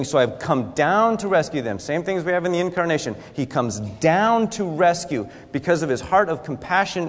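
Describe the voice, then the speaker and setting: A man's voice: on the high side, long reverb tail. A man preaching a sermon in a conversational way, acting out scripture with asides. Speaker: pastor.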